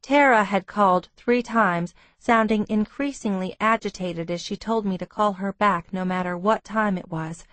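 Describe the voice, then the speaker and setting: A woman reading a romance audiobook in steady, intimate first-person narration. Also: mid-range voice, moderate pace, hardly any pauses, no echo.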